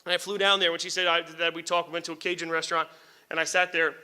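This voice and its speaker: At a book talk, a middle-aged New Jersey lawyer and author tells a story to a lecture audience at a quick pace. His voice sits high for a man, with a sharp, very bright, clear and resonant tone. He's animated and candid, swearing casually and chuckling at his own lines.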